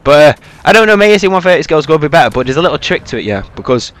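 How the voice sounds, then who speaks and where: A man's voice: a little high, big pitch swings, very fast, fairly bright tone, no room sound. A young man giving casual, rambling freestyle commentary over his own gameplay, swearing and using lots of fillers. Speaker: gaming commentator.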